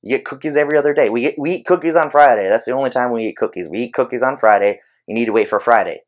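A man giving an informal explanatory talk on behavior training, conversational and animated, using everyday examples. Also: medium pitch, rapid-fire, hardly any pauses. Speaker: behavior analysis educator.

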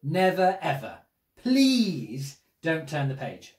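A woman's voice: on the low side, very animated, moderate pace. A woman doing a begging little storybook character. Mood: pleading. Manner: begging, dramatic. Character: fretful little male book character, pleading. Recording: roomy echo.

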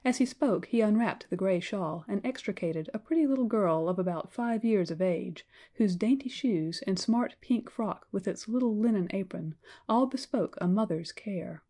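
A woman narrates a classic novel in a measured storytelling manner. Her voice is mellow with a middle pitch. It suits an audiobook reading. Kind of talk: scripted narration.

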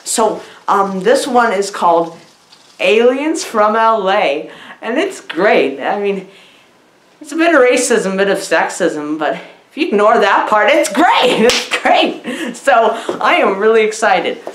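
A woman's voice: medium pitch, sing-song, a little slow. A woman doing a silly, rambling comedic movie review, giggling and scatterbrained. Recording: roomy echo.

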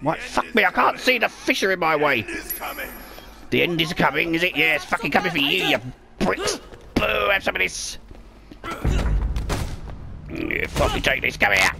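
A man giving profane, excitable commentary while playing a video game, muttering to himself. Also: a little high, normal speed, vocal fry, pauses often. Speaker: gamer. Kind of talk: profane let's play commentary.

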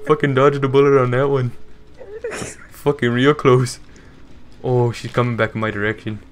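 A man's voice: medium pitch, a little hiss or hum. A man hosting casual gameplay commentary, laughing, swearing and joking in a mock-polite way with lots of "sorry, eh, bud.". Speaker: gaming channel host.

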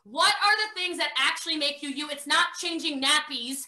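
An American woman in her thirties running a live network marketing training. She talks fast, gives orders and jokes with her viewers. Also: high-pitched. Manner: fast, energetic, bossy, joking. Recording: roomy echo.

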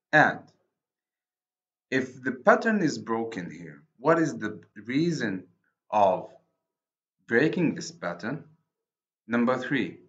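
Slow, halting male lecturer, Arabic accent. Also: mid-range voice, a bit bright. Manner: slow, halting, many restarts and self-corrections. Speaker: university literature lecturer. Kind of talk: recorded online lecture on poetry. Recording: dull lo-fi recording.

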